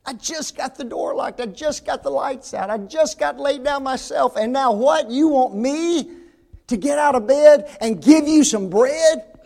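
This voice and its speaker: A man's voice: extremely high pitch, measured pace, vocal fry, warm tone, voice pushed up, heavily acted. A preacher acting out a grumpy sleepy man. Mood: exasperated. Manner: exasperated, complaining, raised voice.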